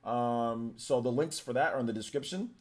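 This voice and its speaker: A man's voice: mid-range voice, normal speed. A young adult man with a light Northern Californian accent, hosting a live stream and chatting casually through viewer comments with lots of fillers. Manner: rambling, filler-heavy, easygoing. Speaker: livestream host.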